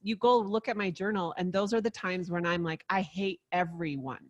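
A woman co-hosting a podcast, chatting casually and enthusiastically, quick to agree and to laugh. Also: medium pitch, highs cut off. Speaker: co-host.

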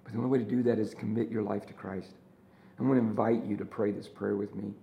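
A man's voice: on the low side, little pitch movement, fast, gravelly, lo-fi sound, a little hiss or hum. A male pastor giving a sermon with an earnest preaching style, full of repeated phrases and rhetorical questions. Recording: roomy echo of a large room.

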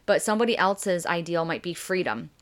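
Bubbly lady hosting a podcast workshop, talks fast n loud, kinda lowish voice, super chatty. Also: lively intonation. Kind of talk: casual guided workshop talk.

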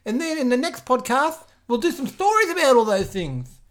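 A woman's voice: high-pitched, big pitch swings, normal speed. A woman playing a bratty bragging little boy. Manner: bratty and boastful, giggly, loud outbursts. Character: cheeky boastful 8-year-old boy. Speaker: podcast host. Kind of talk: comedic improvised character podcast.

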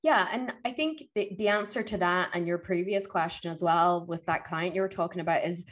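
A woman guest on an interview, coaching on public speaking and telling stories in an energetic, motivational way. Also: lowish voice, a little fast. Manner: energetic, motivational, animated retelling. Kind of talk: conversational interview, storytelling.

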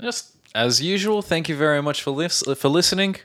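A man's voice: fairly high pitch, expressive, a little fast, a bit bright. A man co-hosting a casual podcast, speaking in a polite, easygoing way with some light teasing. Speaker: podcast co-host. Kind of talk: casual chat.

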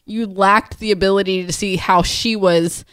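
A woman's voice: medium pitch, fairly even intonation, moderate pace, a bit bright, clear, resonant tone, dry recording, studio quality. A woman co-hosting a podcast, talking in a frank, matter-of-fact way. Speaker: podcast co-host. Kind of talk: casual chat.

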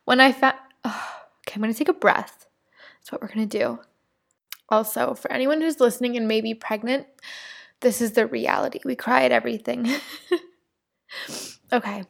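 A woman's voice: fairly high pitch, fairly even intonation, moderate pace, vocal fry, pauses often, fairly bright tone. A young pregnant woman hosting her own podcast, chatting about her life and tearfully reading a journal entry, laughing through tears. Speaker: podcast host.

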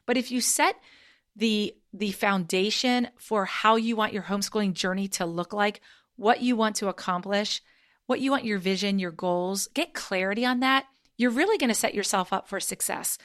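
A woman's voice: medium pitch, moderate pace, fairly bright tone. A mother who homeschools, giving casual, upbeat and encouraging advice to other parents as a podcast host. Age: adult parent.

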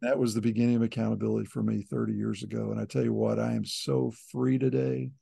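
A man's voice: on the low side, fast talker, gravelly, mellow, breathy edge. A middle-aged man in ministry telling a personal testimony earnestly in conversation, repeating words when emotional. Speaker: ministry leader, guest.

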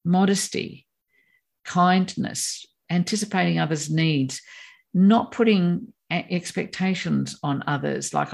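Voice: mid-range voice, a little slow, vocal fry. A course teacher explaining ideas in an emphatic conversational way, acting out quoted voices. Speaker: course teacher on personality animals.

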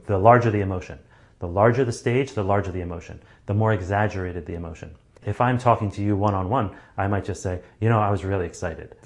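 Casting note: low-pitched man, speaking coach, animated delivery, acts out examples. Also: vocal fry. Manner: frequent restarts and fillers. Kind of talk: solo talk, advice monologue.

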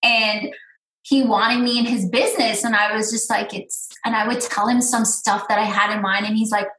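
A woman's voice: on the high side, steady tone, normal speed, a bit bright. A woman chatting earnestly as an interview guest, rambling with many fillers. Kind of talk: casual interview chat. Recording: roomy echo.

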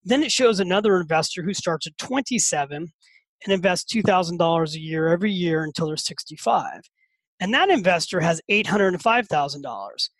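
A man in his fifties, a podcast guest and author telling a story in a lively, animated way and often repeating words as he gets excited. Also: sits high, a little fast, no echo, rough recording. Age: 50s. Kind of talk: casual storytelling.

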